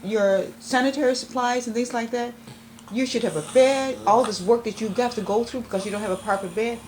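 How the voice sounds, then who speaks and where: A woman visiting to interview a man at home, asking brisk questions and affirming what he says. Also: on the high side, darkish tone, a little hiss or hum, low-quality recording. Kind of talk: casual interview. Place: home bedroom.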